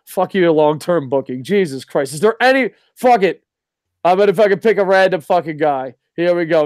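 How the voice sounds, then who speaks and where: A man's voice: high-pitched, lively intonation, normal speed, a little mellow, no echo, clean studio sound. A man co-hosting a casual wrestling talk show, ranting in a heated, profane way. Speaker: podcast co-host.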